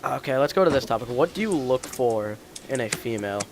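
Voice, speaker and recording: A man's voice: medium pitch, expressive, brisk. A teenage boy hosting a casual online podcast, rambling and joking with friends, often laughing. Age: teens. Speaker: podcast host. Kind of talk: casual chat. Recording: faint hiss, keyboard clicks.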